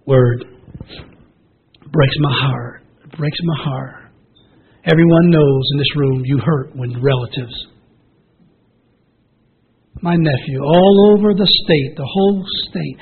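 A man preaches an emotional sermon, his voice raised a little and raspy all through. He keeps repeating his lines and builds them up with feeling. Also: a little high, phone-quality sound. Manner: emotional, repetitive, rising to shouted calls.

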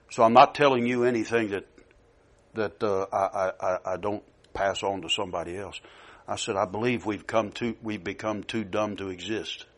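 Emphatic preacher, man. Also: medium pitch. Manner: emphatic, swings from loud to soft with many repeats. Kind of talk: sermon.

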